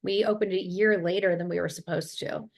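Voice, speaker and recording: A woman's voice: on the low side, steady tone, a little fast. A woman from Ohio, a business coach, telling her story in an interview over a video call with energy and fluency. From Ohio, USA.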